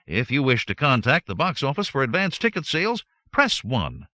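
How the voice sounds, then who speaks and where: Male reader as a cheery, high-pitched recorded phone menu, bright and crisp. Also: wildly swooping pitch, normal speed, dry recording. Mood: chirpy.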